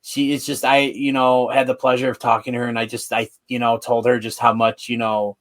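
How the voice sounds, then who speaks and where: A man co-hosting a podcast, talking casually in halting bits with many restarts. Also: medium pitch, little pitch movement. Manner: halting, full of restarts and fillers. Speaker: podcast co-host.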